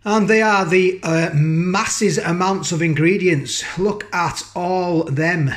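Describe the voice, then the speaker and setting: A man's voice: sits high, slow. A man chatting casually in a food review vlog from his home kitchen, rambling and tacking tag questions onto his sentences.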